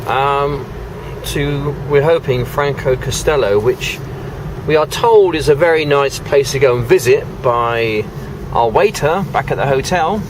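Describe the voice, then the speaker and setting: Filming himself on a drive, a male vlogger offers casual, teasing commentary from inside the moving car, repeating silly catchphrases. His mid-range voice is unhurried, though loud road and engine noise fills the recording.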